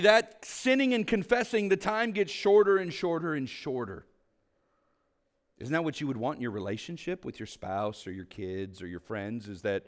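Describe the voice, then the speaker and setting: A man preaching a sermon as a pastor, earnest, asking the congregation questions and moving between emphatic peaks and quiet low asides. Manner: asks the congregation rhetorical questions.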